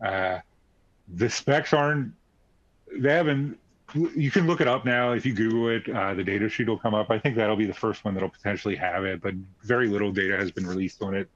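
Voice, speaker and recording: A man's voice: on the low side, brisk, fairly bright tone, dry recording. A man answering technical questions on a webinar, explaining at length with frequent fillers. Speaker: technical expert guest. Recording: dry muffled webcast audio.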